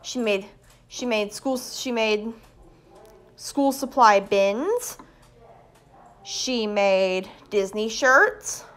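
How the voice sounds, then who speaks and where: A woman, vlogging casually at home and excitedly showing things off to her phone camera. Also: a little high, very slow, long pauses. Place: indoors at home.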